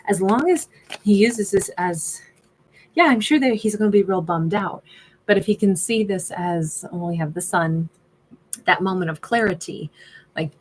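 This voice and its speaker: A woman's voice: fairly low pitch, animated, normal speed, darkish tone, a little hiss or hum, poor audio. A woman giving a casual, chatty tarot reading, talking conversationally and often rephrasing herself mid-sentence. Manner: chatty, conversational, self-correcting. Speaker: tarot reader.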